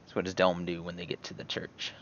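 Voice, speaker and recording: Low-voiced man running a tabletop game. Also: monotone, fast talker, a bit bright. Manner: casual, hesitant, many fillers. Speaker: game master. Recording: muffled lo-fi recording.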